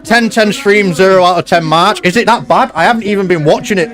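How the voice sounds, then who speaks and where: A man's voice: high-pitched, a little fast, few pauses, a bit bright. A young man live-streaming from home, chatting loosely and reading out viewer comments. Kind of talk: casual live-stream chat.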